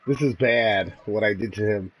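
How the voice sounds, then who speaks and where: A man's voice: fairly low pitch, normal speed, slight background noise, poor audio. A laid-back man chatting on a livestream while fishing outdoors, laughing and swearing casually as he tells stories and greets viewers. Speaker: streamer.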